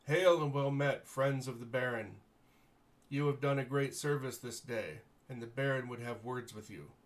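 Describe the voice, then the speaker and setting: Man playing a loud ceremonial herald. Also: mid-range voice, normal speed, natural voice, poor audio. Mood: proclaiming. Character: male herald stepping forward to greet heroes.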